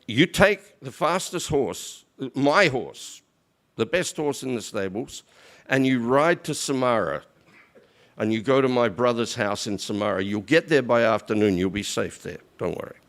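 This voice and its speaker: A man voicing a wealthy, can-do merchant who is brisk and easily irritated. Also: mid-range voice, animated. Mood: take-charge.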